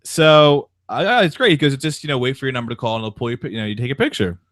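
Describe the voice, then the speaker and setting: A young man co-hosting a sports talk show spins a long, animated story in casual chat, acting out the voices of the people in it. He talks fast in a mid-range voice, and the recording is dry.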